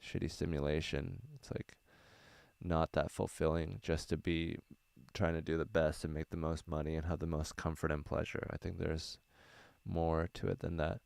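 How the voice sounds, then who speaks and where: Deep, smooth-voiced man rambling casually. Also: fairly even intonation, normal speed, no echo. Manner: rambling, filler-heavy, earnest. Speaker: stand-up comedian. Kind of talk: casual livestream Q&A. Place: small van.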